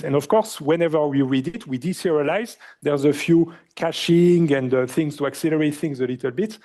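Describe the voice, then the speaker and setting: Male lecturer, French accent, mellow tone. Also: on the high side. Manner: asks the class questions, many fillers. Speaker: university lecturer. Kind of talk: university lecture. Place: lecture hall.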